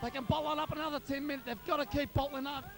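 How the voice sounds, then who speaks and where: An Australian man giving excited live play-by-play of a local football match, shouting the big moments, recorded on an old archive tape at an outdoor ground. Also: very high-pitched, rapid-fire. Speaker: football commentator. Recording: 1994 archive tape, loud crowd behind. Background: cheering crowd.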